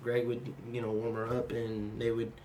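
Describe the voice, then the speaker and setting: A young man in casual chat, telling stories with animated energy and quoting people as he goes. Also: mid-range voice, normal speed, slight background noise. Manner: animated storytelling, slips into quoted voices.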